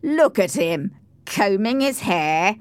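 A woman's voice: mid-range voice, big pitch swings, slow pace, no room sound. A woman voicing a stern, curt young master of the house in a storybook reading. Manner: curt and commanding.

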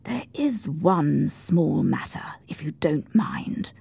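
A woman doing a courteous old-fashioned gentleman. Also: lowish voice, sing-song, unhurried, no echo. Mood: hushed. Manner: polite, drops to a hushed whisper. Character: courteous gentleman neighbour, polite and discreet.

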